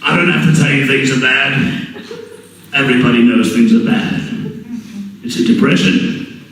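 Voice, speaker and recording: A man performing the rant of a furious television newsman, shouting more and more. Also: medium pitch, normal speed, very echoey, recorded from a distance, pitched below the performer's own voice, close to an everyday voice, poor audio. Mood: bitter. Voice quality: shouting, rising to hoarse yelling. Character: furious newsman ranting on air, adult man.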